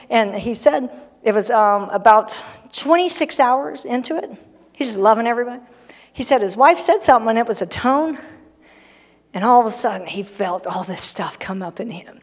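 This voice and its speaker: A woman's voice: on the high side, brisk. Humorous woman preaching in a reverberant church. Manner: conversational and humorous, acting out people. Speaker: pastor. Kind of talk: sermon. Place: church sanctuary.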